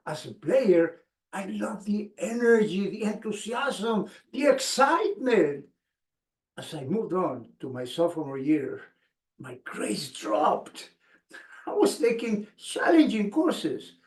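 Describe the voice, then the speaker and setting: A man, giving an expressive motivational speech with dramatic pauses. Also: high voice. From Mexico. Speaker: speaker. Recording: echoey room.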